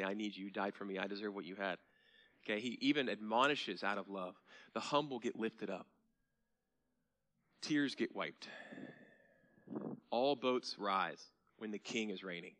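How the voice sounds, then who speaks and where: Guy pastor giving a sermon, bright voice, chatty then punchy, goes quiet for the tender bits. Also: on the low side. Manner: conversational preaching, rising to emphatic then dropping soft. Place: church.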